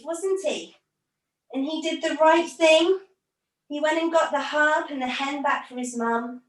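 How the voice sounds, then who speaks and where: A woman leading a live online children's yoga class as a story, animated and full of gasps and playful encouragement. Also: extremely high pitch. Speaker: kids' yoga teacher. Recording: roomy, distant from the mic.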